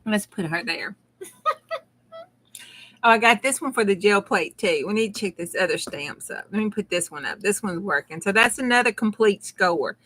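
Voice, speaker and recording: A woman's voice: medium pitch, lively intonation, brisk, hardly any pauses, fairly bright tone. A middle-aged woman with a Southern US accent, chatting casually with her viewers during a crafting stream and laughing often. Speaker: crafting channel host. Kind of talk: casual crafting livestream chat.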